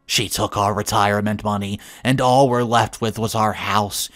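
Tired older father, low and defensive, read by the male narrator in a story. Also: steady tone, moderate pace, fairly bright tone, soft background music, natural voice.

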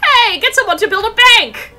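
A hot-headed female police chief barks and yells in rough, excitable bursts, as a woman acts her out. The voice is bright and sharp, with a higher pitch that jumps around a lot. It sounds like a loud character from a video game. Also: normal speed, soft background music. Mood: brash.

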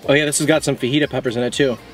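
A man's voice: medium pitch, steady tone, very fast. A young man co-hosting an eating show, chatting casually between bites with dry, teasing humor. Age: young adult. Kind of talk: casual chat while eating.

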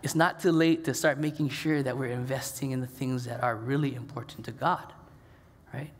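A man's voice: medium pitch, steady tone, moderate pace, long reverb tail. A middle-aged man preaching a sermon in a conversational, storytelling way with casual asides. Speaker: pastor. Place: church sanctuary.

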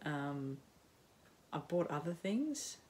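Middle-aged Aussie woman, unhurried rambling chat, self-mocking, lots of ums. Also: low-pitched, sing-song, darkish tone, slight background noise. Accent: Australian. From Australia. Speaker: knitting podcaster. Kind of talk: casual chat to camera. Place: home, in sunshine.

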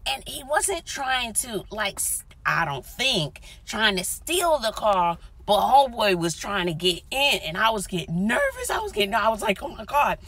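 A woman's voice: mid-range voice, normal speed, hardly any pauses, no echo. A woman vlogger telling a dramatic story in casual chat, often dropping to whispers, recorded inside a parked car. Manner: animated, dramatic retelling with whispered asides.

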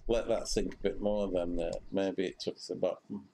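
A man's voice: sits low, fairly even intonation, moderate pace, warm tone, a little hiss or hum. A man giving casual commentary while streaming a fishing game, rambling with many fillers and restarts.

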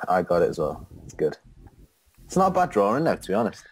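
A man's voice: on the low side, wildly swooping pitch, fast talker, breathy edge. A man chatting casually while playing an online drawing game, drawling and self-deprecating, laughing along. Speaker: co-host of gaming channel. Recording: faint background noise.

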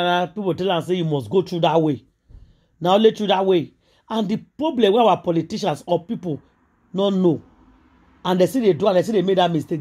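A lowish, mellow, husky voice belongs to a Nigerian woman who hosts a gossip vlog. Her casual celebrity commentary is preachy and emphatic, full of repetition and sprinkled with Pidgin.

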